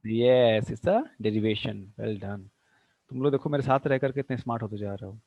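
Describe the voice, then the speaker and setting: A man's voice: lowish voice, steady tone, rapid-fire, dark tone, dry recording. A man teaching English grammar to a class, quizzing the students and mixing in Hindi. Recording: dull dry classroom recording.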